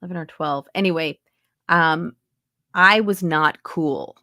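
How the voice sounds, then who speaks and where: A woman's voice: sits low, unhurried, pushed and bright, no room sound, studio quality. An American woman in her forties from New York, a chatty accent coach on a video call who keeps dropping into voices to show them. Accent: American, light Texas coloring over New York. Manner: chatty, full of "like", slips into voices to demonstrate. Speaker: interview guest, accent coach. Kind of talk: casual interview.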